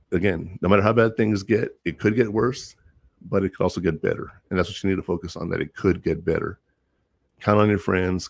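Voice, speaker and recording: A middle-aged man with a very low voice tells stories from his counseling work in an easy, rambling way. He loops back with plenty of fillers, sincere and plain-spoken. The sound is dry and close. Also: vocal fry, no room sound. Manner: rambling, earnest storytelling with many fillers. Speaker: teacher and counselor. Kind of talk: casual monologue.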